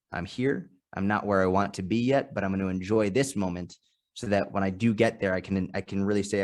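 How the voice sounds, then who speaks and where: Man in his 30s, lowish voice, podcast guest, animated storyteller who acts out quotes. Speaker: podcast guest, strength and nutrition coach. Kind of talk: casual interview chat.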